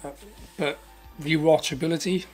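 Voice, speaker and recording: A man on a livestream panel, calmly weighing his opinion in casual chat. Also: a little high, soft background music. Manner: measured, weighing options.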